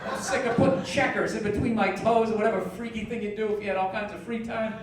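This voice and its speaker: Ranting stand-up comic, high voice, echoey stage. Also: male voice, fairly even intonation, quick pace. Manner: ranting, profane, swings from low grumbling to shouted outrage. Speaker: stand-up comedian. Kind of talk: stand-up comedy set. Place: comedy club stage with audience laughter. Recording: echoey live stage recording from a distance, loud noise.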